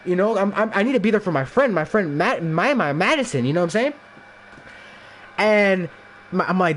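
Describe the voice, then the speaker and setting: A man's voice: high-pitched, lively intonation, moderate pace, long pauses, slight background noise. A young man from the Los Angeles area, a podcast guest, telling a rambling, profane personal story in casual chat, full of "like" and restarts. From Los Angeles area, USA.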